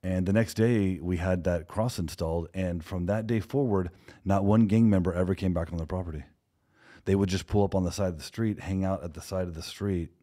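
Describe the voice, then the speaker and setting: A man's voice: deep voice, steady tone, fairly quick, warm tone. A man who co-owns a security company, telling a story in conversation and acting out the dialogue of the people in it.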